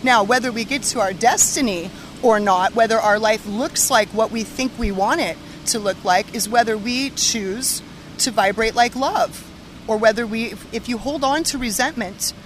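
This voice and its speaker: Woman, medium, casual chat, animated storyteller, fairly high pitch. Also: moderate pace, a little hiss or hum. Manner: animated storytelling with frequent laughter. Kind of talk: casual podcast conversation.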